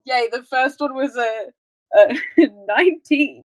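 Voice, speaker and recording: High-voiced giggly woman player. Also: takes it slowly. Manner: flustered, giggly. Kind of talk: casual game-table chat.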